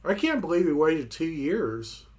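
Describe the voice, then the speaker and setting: A man teaching a language course, asking gentle, curious questions in a relaxed way. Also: fairly high pitch, a little slow.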